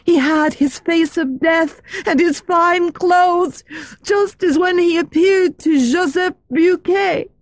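A woman's voice: very high-pitched, takes it slowly, no echo, pitched above the performer's own voice, heavily acted. A woman doing a chorus of eager ballet girls. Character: group of excited young ballet girls.

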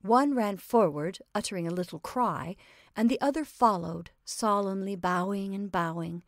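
A woman reading a classic short story aloud at a calm, even pace. Her voice sits in a middle pitch, and the sound is close and dry, with no room around it. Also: moderate pace, no room sound. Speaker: reader.

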